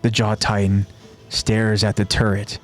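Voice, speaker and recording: A man who hosts a podcast, retelling an anime episode scene by scene in a steady, descriptive way. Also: on the low side, unhurried, soft background music. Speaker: podcast host.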